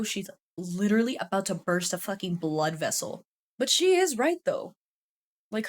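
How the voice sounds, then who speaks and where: A woman YouTube commentator giving casual, chatty commentary, swearing freely and laughing often. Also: mid-range voice.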